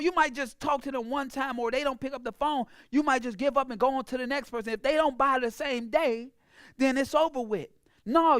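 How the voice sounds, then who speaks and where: A woman business coach delivers an emphatic, preachy motivational talk on sales, mockingly acting out her clients' voices. Her voice sits high with a fairly bright tone, captured in a dry, studio-quality recording.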